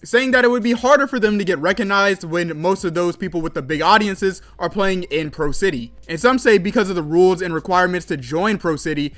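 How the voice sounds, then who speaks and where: A young man with a fairly high voice talks through a gaming commentary video. His delivery is casual and loose, full of "like" and "kinda". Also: a bit bright. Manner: casual, with frequent fillers like "like" and "kinda". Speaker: gaming content creator.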